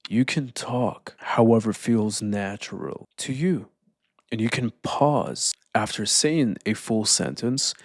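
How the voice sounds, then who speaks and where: A man giving a casual motivational talk, calm and deliberate, slowing down to stress points and often saying "man". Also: medium pitch, no echo, clean studio sound. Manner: calm, deliberate, slows down for emphasis. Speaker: self-improvement speaker.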